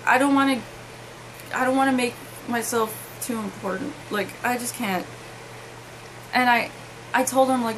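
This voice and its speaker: Halting, emotional young woman vlogger. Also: a little high, fairly bright tone, slight background noise, poor audio. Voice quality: halting and emotional, with many restarts. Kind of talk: emotional personal storytelling.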